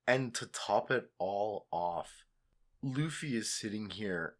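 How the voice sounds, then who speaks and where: A man co-hosting a podcast in casual chat, measured and reflective as he talks things over. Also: fairly low pitch, lively intonation. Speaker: podcast co-host.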